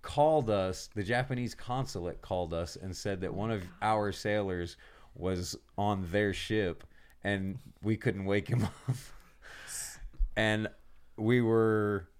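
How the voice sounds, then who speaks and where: A man hosting a podcast, casually telling a profane, animated story about his navy days. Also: lowish voice, takes it slowly, clear, resonant tone. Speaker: podcast host.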